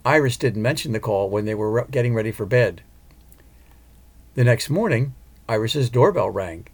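A man narrating an audiobook in a calm, measured way. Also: mid-range voice.

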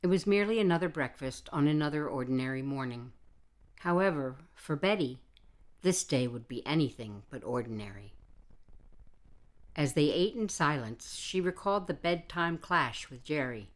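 Low-voiced woman narrating an audiobook. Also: expressive, normal speed. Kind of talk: scripted narration.

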